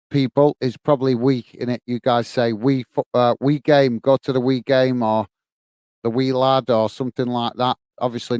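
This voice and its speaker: A Northern Irish man hosting a live football watch-along, moving between play-by-play and easy chat with his viewers. His voice is smooth and resonant and sits at a middle pitch. The recording is dry and close, with no room sound. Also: a little mellow, no echo. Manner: friendly and chatty, often says "mate" while reading viewer comments.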